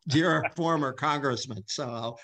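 A man's voice: mid-range voice, takes it slowly, fairly bright tone. A man as a radio interview guest, talking earnestly and correcting himself as he goes. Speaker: guest author.

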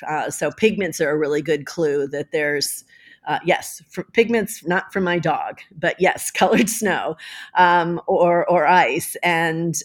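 A woman scientist answering interview questions from home, thoughtful and measured. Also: sits low. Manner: thoughtful, measured, with small restarts. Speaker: scientist guest. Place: home with a dog.

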